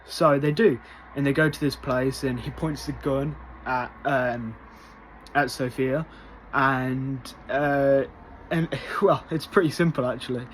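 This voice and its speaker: A man giving a casual spoiler review, rambling with lots of fillers and bursting into loud excitement. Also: mid-range voice, slow, slight background noise. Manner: rambling, many fillers, gets loudly excited.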